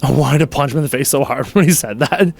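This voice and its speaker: A man in his thirties chatting casually with his live-stream viewers, telling stories in an animated way and answering their questions. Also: medium pitch, quick pace, vocal fry, faint music behind.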